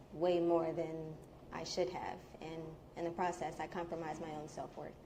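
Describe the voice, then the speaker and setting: Candid Midwestern woman with a gravelly voice. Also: fairly low pitch, slight background noise. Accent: American Midwest. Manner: candid, chatty, with soft laughs. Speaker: storyteller. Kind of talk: personal story told live to an audience. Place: bubble tea shop.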